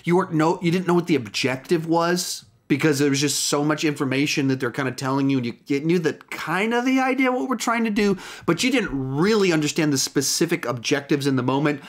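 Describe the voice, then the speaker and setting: A man's voice: on the high side, lively intonation, a little fast, few pauses. A man giving a casual, chatty film review, talking loosely with frequent restarts and asides. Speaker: movie reviewer.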